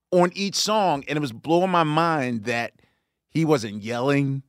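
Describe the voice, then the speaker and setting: A man's voice: a little high, fairly bright tone, no room sound, clean studio sound. A man hosting an interview podcast, talking enthusiastically and reflectively, with rambling asides. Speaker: podcast host. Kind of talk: conversational interview.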